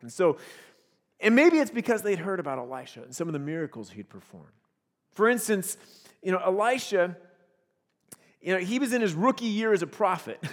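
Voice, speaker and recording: A man with a high voice delivers a sermon in a playful storytelling way. He acts out quotes from the stories he retells and laughs often between lines. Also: big-room sound. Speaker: pastor.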